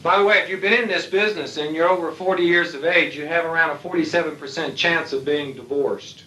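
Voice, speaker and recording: A man's voice: a little high, brisk, bright, forceful tone, slight background noise. A man giving a lecture to military aviators in a blunt, folksy way with salty humor. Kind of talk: lecture to an audience. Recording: echoey hall, distant mic.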